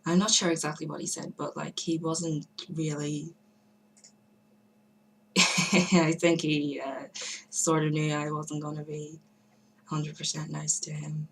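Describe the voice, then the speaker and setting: A woman's voice: low-pitched, level tone, takes it slowly, vocal fry, pauses often, slight background noise, rough recording. A young woman chatting to camera from her room at home, rambling and hesitant, with many fillers and restarts. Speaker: vlogger giving forum shout-outs. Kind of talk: casual rambling monologue to camera.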